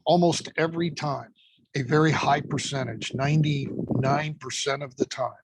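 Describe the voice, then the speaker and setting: A man guest on a podcast, a fire training instructor telling stories in an emphatic, profane, animated way. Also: mid-range voice, moderate pace, background noise. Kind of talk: casual podcast storytelling.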